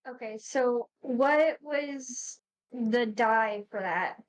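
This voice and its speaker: Woman, tabletop player, high voice, unhurried, giggly, thinks aloud. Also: low-quality recording. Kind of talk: playing a tabletop game on stream.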